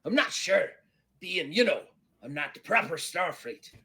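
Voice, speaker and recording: A man doing a loud high pirate rogue. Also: sing-song, a little slow, exaggerated voice. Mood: boisterous. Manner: pirate talk, rolling "arr" and "wee lass". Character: brash nosy male pirate space rogue.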